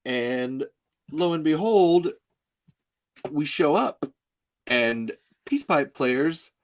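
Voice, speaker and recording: A man's voice: on the high side, expressive. Sighing man telling a story. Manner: halting, sighing, fighting back tears; many restarts and fillers, rambling. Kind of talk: casual storytelling.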